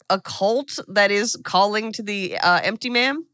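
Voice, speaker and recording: Chatty woman podcast host, bright voice, dry close sound, lots of likes and ums. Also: medium pitch, a little slow, clear, resonant tone, no echo. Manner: chatty, animated, many fillers and asides. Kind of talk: casual film recap chat.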